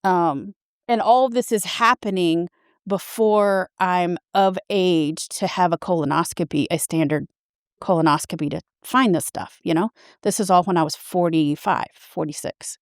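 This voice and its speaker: Earnest, halting woman in her fifties. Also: on the low side, dry recording, studio quality. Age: 50s. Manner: earnest, halting, with frequent restarts. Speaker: podcast guest sharing her story. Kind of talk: personal storytelling.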